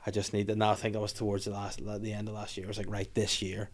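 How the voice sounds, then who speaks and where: A man's voice: on the low side, completely flat delivery, fast talker. A man, hosting a casual podcast chat and telling rambling stories with plenty of swearing. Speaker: podcast host.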